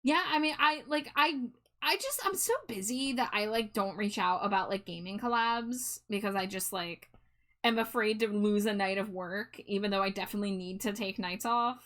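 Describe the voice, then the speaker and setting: A young woman hosting a live stream, chatting casually and quick to laugh at herself. She talks in a loose, self-deprecating way, restarting sentences as she goes. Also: mid-range voice, fairly bright tone. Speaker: streamer host. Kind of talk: casual chat.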